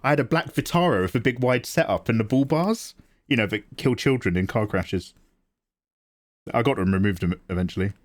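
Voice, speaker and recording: A middle-aged British man hosting a livestream, chatting casually with viewers and answering them with quick jokes and asides. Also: medium pitch. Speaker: livestream host. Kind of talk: casual chat with viewers while drawing.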